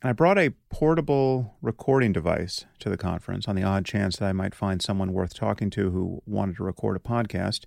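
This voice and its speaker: A middle-aged man hosting his own podcast, speaking alone in a measured, deliberate and articulate way. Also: deep voice, vocal fry, darkish tone, dry recording, studio quality. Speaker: podcast host. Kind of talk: solo podcast monologue.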